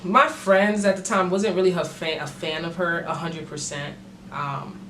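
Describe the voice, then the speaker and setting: A young adult woman vlogger telling a casual story time, animated and full of slang and swearing. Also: on the low side, normal speed, slight background noise. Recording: roomy echo.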